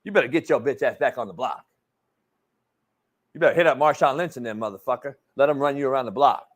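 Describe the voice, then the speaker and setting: A man's voice: medium pitch, fast. A man hosting a sports talk show, ranting in a brash, mocking way and swearing constantly. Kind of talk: profane casual rant.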